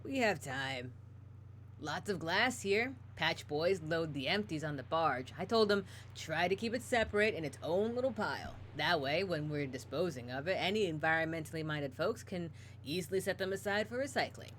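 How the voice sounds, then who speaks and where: A woman voicing a calm, dreamy man who speaks in a slow, musing way. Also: a little high, slight background noise.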